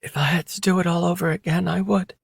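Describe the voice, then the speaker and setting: A man reading an audiobook voices a wounded young woman who speaks softly and pleads with quiet, loyal earnestness. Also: sits high, steady tone, quick pace, gravelly, slightly rough, dry recording, clean studio sound, voice pushed up, full character voice. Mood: pleading. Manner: soft, pleading. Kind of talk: audiobook character voice.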